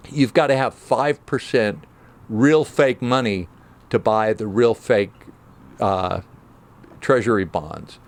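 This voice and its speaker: A man with a mid-pitched voice talks in a sarcastic, skeptical way. He explains things in plain terms and reads aloud from a financial news article. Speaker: remote viewing group member. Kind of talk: explanatory commentary reading from an article.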